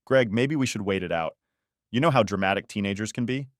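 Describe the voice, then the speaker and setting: A man's voice: on the low side, a little fast, no echo, studio quality, lightly acted. A man reading a cold, scheming stepmother. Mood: dismissive. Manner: tight, falsely sweet, calculating. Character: scheming cold stepmother, middle-aged woman.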